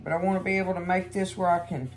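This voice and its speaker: A woman's voice: on the low side, fairly even intonation, rapid-fire. Folksy woman cooking at home. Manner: chatty, folksy, keeps addressing viewers as y'all. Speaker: cooking show host. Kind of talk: casual cooking demonstration. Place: home kitchen.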